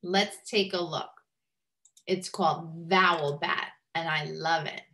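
A woman's voice: low voice, fairly even intonation, slow pace, a bit bright. A woman teacher giving a phonics lesson to young children, speaking patiently and modelling sounds. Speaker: first-grade teacher.

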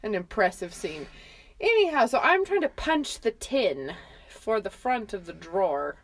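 A middle-aged woman co-hosting a podcast, telling a comic story in a casual, animated way with bursts of laughter. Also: medium pitch, measured pace. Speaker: podcast co-host.

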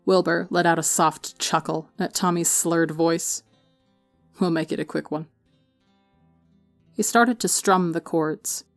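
Calm low-voiced woman reading a story. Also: no echo. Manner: calm, even narration. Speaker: podcast story reader. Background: faint guitar music.

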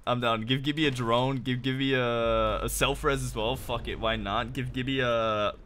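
A man streaming a video game, chatting casually with a friend, excitable, swearing and laughing often. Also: medium pitch, moderate pace, slight background noise. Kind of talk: casual gaming stream chat.

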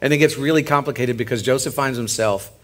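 A man, a pastor co-leading a sermon, retelling a Bible story in an animated, joking way. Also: mid-range voice, fast talker. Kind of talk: sermon, co-preaching.

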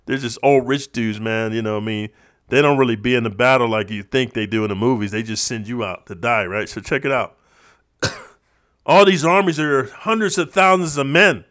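A man's voice: medium pitch, fairly bright tone. A man talking in a casual vlog monologue, streetwise and preachy, constantly calling the listener bro. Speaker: vlogger.

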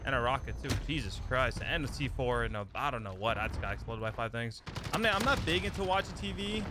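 A man's voice: medium pitch, expressive, fast, background noise. A young man streaming a shooter game, trash-talking and repeating catchphrases as he plays. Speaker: gaming streamer. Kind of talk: live gameplay commentary. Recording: loud gunfire from the game behind. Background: shooter game gunfire and explosions.

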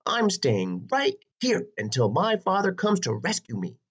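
A man's voice: wildly swooping pitch, unhurried, slightly rough, heavily acted. A man voicing a spoiled, bratty young princess who shrieks and whines in a storybook reading. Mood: indignant. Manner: shrill, whiny, screaming outbursts.

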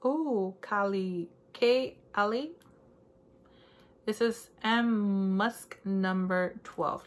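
A woman's voice: mid-range voice, takes it slowly. A woman vlogging casually as she unboxes an advent calendar at her desk, gasping and exclaiming over each item. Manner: excitable, gasping and exclaiming while unwrapping. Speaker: beauty vlogger. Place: indoors at a desk.

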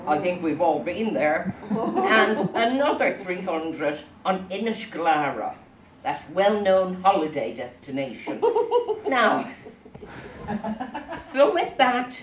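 A woman's voice: on the low side, muffled recording, a little hiss or hum. A woman telling a story live to children, playful and full of jokey asides. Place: arts centre room with audience. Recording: echoey room, mic at a distance.

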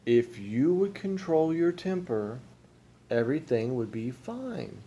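A crafty, friendly ghost from a read-aloud storybook, as a man reads him. He talks in a firm, even, reasoning way, a little higher than the reader's usual voice, with a mellow tone. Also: normal speed, lightly acted.

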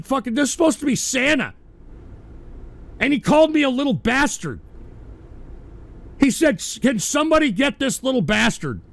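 A man's voice: high voice, vocal fry. A man hosting a radio show, ranting angrily and swearing at his audience. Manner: profane, exasperated, ranting. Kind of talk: angry live-stream rant.

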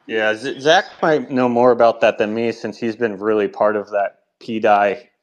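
A man's voice: on the low side, steady tone, normal speed, lo-fi sound. A man speaking as a guest in a casual audio chat, laid-back and conversational.

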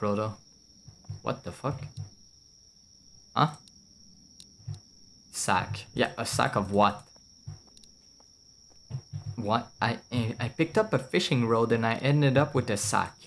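A man's voice: mid-range voice, a little hiss or hum. A young man streaming a horror game with casual, jokey, rambling commentary, swearing and laughing often.

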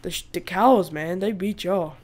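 A gaming video host, the woman speaks at normal speed in a low, slightly mellow voice. She keeps up casual, chatty let's-play commentary on a survival game, with frequent laughs and exasperated outbursts aimed at the animals.

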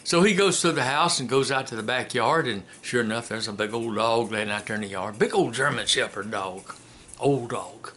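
A man giving a casual spoken commentary and telling a joke in a folksy, unhurried way with many filler pauses. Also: medium pitch, bright, forceful tone, a little hiss or hum. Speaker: commentator and storyteller.

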